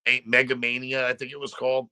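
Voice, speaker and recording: A man's voice: medium pitch, monotone, fast, bright, forceful tone, clean tone. A middle-aged man hosting a casual chat show, rambling through stories and dropping "man" and "dude" as he talks. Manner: laid-back, rambling, says "man" and "dude" a lot. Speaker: show host.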